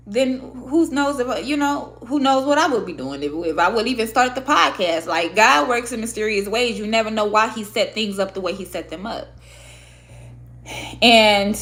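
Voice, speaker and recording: A woman from Michigan, talking candidly and with plenty of swearing as she vlogs to camera. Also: fairly high pitch. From Michigan, USA. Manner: candid, profane, expressive. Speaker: vlogger and podcaster. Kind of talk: casual talk to camera. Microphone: own microphone at a desk setup.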